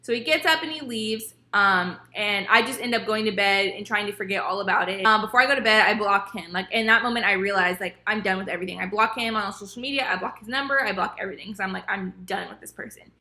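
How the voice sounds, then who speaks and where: Bright-voiced young woman telling a story. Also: mid-range voice, fast talker, few pauses. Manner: animated, acts out quotes of others. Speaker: vlogger. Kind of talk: casual storytime. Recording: echoey room.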